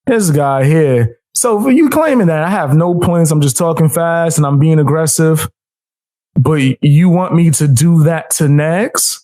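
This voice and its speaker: Male streamer, mocking reaction commentary, slightly high voice. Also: measured pace, warm tone. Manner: mocking, trash-talking. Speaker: streamer reacting to a debate clip.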